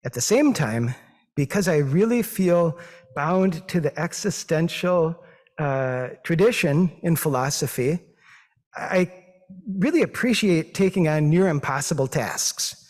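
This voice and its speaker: A man's voice: on the high side, expressive, unhurried, a little mellow. Reflective Midwestern man in an echoing hall. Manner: thoughtful, hesitant, with many fillers; modest and self-deprecating. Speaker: physician giving a talk. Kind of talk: public talk with slides. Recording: long reverb of a hall.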